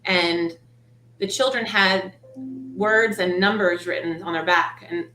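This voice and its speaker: A woman's voice: fairly low pitch, slow pace, sharp tone. A woman co-hosting a panel discussion, emotional and shaky, fighting back tears as she talks. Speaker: co-host. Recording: roomy echo with faint hiss.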